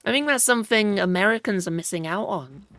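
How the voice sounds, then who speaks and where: Playing through a game for her channel, a British-accented woman keeps up a chatty, self-deprecating let's play commentary and often talks to things on screen. She speaks fairly quickly at medium pitch, with lively intonation and a slightly bright tone, and there's no echo.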